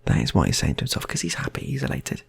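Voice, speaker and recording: Man, improvised comic storyteller, gravelly husky voice, very lively pitch. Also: fast talker, in a whisper. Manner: rambling, playful, with many restarts.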